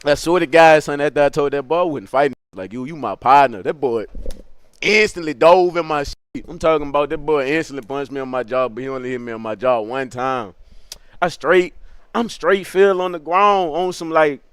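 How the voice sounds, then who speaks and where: A man's voice: a little high, moderate pace, smooth, no room sound. Rambling, slangy male storyteller. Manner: slangy, rambling, laughs at his own story. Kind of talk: casual comedic storytelling.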